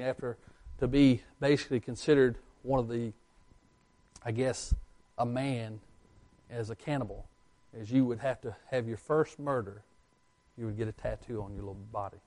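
A man's voice: medium pitch, darkish tone. A man preaching a Bible sermon with emphatic delivery, asking the congregation questions and answering them himself. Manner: emphatic, rising and falling, asks the congregation questions.

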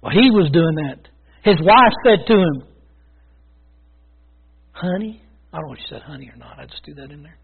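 A man preaching a folksy, emphatic sermon, swinging between loud declarations and quiet asides. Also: fairly high pitch, lively intonation, fast talker, vocal fry, slightly rough. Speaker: pastor. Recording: tinny phone-like sound.

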